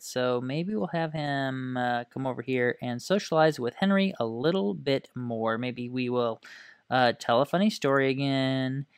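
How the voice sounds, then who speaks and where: Chatty gamer with a smooth, dry voice. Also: medium pitch, a bit bright, no room sound. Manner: chatty, upbeat, thinks aloud with fillers and laughs. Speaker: gaming YouTuber. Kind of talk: casual gameplay commentary.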